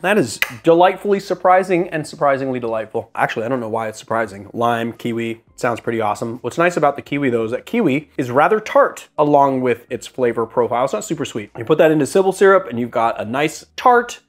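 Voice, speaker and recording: A man's voice: mid-range voice, animated, fast talker, hardly any pauses. A man hosting a casual cocktail how-to from his home bar studio, chatty and self-deprecating with rambling asides. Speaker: bartender host.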